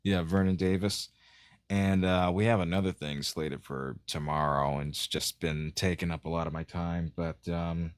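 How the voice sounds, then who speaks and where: A man with a very low voice, recorded dry and close. He chats casually as a guest on a live stream, relaxed and hesitant, with plenty of fillers. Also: moderate pace, smooth, no room sound. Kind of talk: casual chat.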